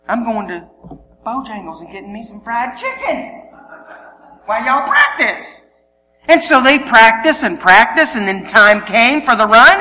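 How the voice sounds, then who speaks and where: A man preaching, telling a funny story with shouted exclamations and quiet asides. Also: very high voice. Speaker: pastor. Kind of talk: sermon with humorous personal story. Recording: long hall reverb, faint hum.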